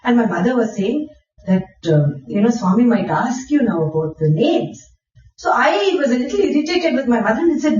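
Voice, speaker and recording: A woman's voice: fairly high pitch, animated, normal speed. Woman telling a story in an echoey hall. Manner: storytelling with soft laughs and many fillers. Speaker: guest speaker. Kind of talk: personal testimony talk. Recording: echoey hall, distant dull mic.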